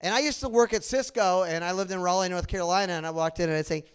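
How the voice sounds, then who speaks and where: A middle-aged man with a nasal Midwestern accent gives an animated conference talk, telling stories and asking the audience questions. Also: high voice, fast, clean tone. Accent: Midwestern American. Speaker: conference presenter. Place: conference room.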